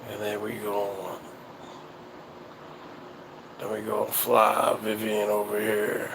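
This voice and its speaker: A man hosting a casual chat show talks slowly and unhurriedly, his voice rough with gravelly fry. He rambles and circles back over his words. A faint hum of noise sits behind him. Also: on the low side, monotone. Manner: rambling, halting, repeats himself. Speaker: show host.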